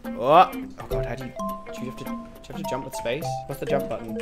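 A woman's voice: extremely low pitch, fast talker, loud music behind the voice. A woman streaming a game live, chatting to viewers in a jokey, swear-filled commentary. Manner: animated, swears a lot, jokey.

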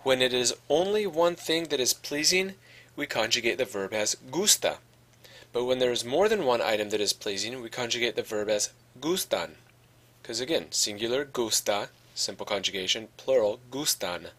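A man's voice: medium pitch, expressive, moderate pace, fairly bright tone. A man teaching a Spanish grammar lesson, explaining patiently and often checking in with "okay". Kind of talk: podcast lesson.

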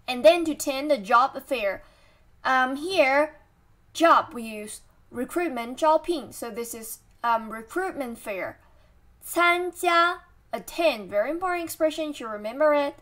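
A woman teaching vocabulary, drilling each word slowly and asking the listener to repeat after her. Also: high voice, expressive, pushed and bright. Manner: slow, drawn-out repetition of words and tones. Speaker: Mandarin teacher.

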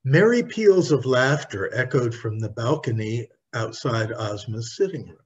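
Brief: male author narrating his own storybook, slow and husky, dull lo-fi recording. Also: medium pitch, animated. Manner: slow, careful reading aloud.

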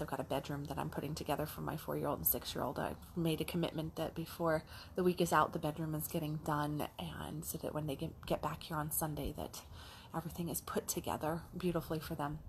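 A middle-aged woman coach telling a casual, animated story, acting out the lines of her child and herself. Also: sits low, creaky, a little hiss or hum. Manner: animated, acts out a child's voice and her own in quotes. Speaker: life coach.

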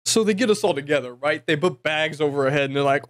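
A fairly high-pitched man talks through a tabletop campaign recap in a loose, joking way. He rambles, corrects himself and fills gaps with ums and uhs. The sound is dry and close. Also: quick pace, few pauses, no room sound. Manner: rambling, jokey, many fillers and self-corrections. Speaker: tabletop game player giving a recap. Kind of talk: casual humorous recap.

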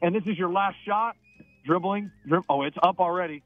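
Excitable man calling shots over a dull line. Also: high-pitched, normal speed, no echo, faint music behind. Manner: excitable, breathless narration. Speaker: radio show regular. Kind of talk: play-by-play commentary.

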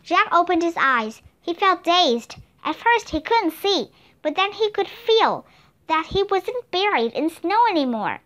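A woman narrating a children's storybook with steady, expressive reading. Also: very high voice, unhurried. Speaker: audiobook reader.

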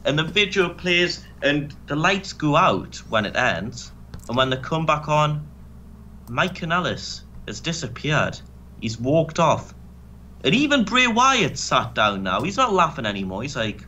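A man co-hosting a casual gaming commentary, animated, sarcastic and sweary. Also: on the high side, unhurried, a little hiss or hum. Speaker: co-host.

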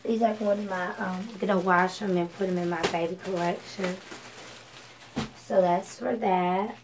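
A woman's voice: lowish voice, fairly even intonation, normal speed, background noise. A woman from Georgia, chatting casually through a thrift haul with lots of ums and self-corrections. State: coughing from allergies. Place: home at night.

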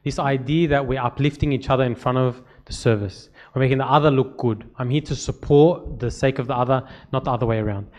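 A man's voice: mid-range voice, fairly even intonation, a little fast, hardly any pauses, a little mellow. Man priest telling stories to servants. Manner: conversational storytelling, repeats words when emphasizing. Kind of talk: informal talk to church servants.

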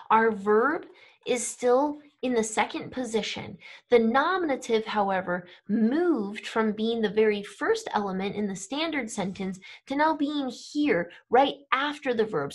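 A young woman teaching a grammar lesson to camera, explaining patiently and checking in with frequent "right?" and "okay?". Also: on the high side. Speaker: language teacher.

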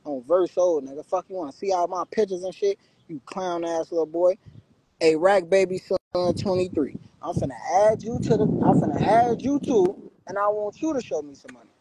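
Gravelly young man taunting on a livestream. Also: high-pitched, rough recording. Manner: loud, swaggering street slang, taunting viewers. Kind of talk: casual livestream talk.

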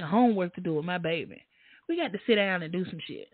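Woman streamer, chatty commentary, animated leaps up in pitch, tinny phone-like audio, dead dry room. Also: brisk, no echo. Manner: animated, reads chat comments aloud, swings high for emphasis. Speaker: livestream host. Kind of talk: casual live-chat commentary.

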